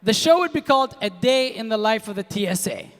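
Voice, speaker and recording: Performing stand-up before a live crowd in a big hall, a young man from Kuwait tells animated stories, imitating the voices of others. He talks fairly quickly in a high-sitting voice, and the space carries a long, ringing reverb.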